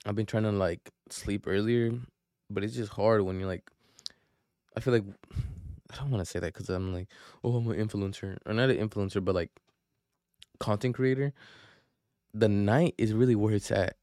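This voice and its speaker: A young man rambles through a profane, slang-heavy story, often restarting his sentences. His voice sits low, and the recording is dry and close with no room sound. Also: moderate pace, long pauses, warm tone, dry recording. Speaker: podcast host. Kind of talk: casual storytelling.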